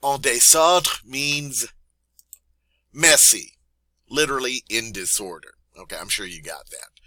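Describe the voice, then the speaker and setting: A man teaching French vocabulary in a playful, chatty way, repeating each word slowly and teasing his students. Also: mid-range voice, sharp tone, no room sound. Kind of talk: vocabulary lesson.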